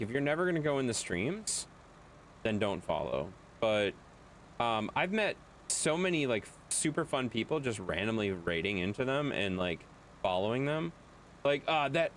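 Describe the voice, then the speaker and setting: A man's voice: mid-range voice, slight background noise. A man streaming a video game, chatting casually with viewers, reading their chat aloud and laughing often.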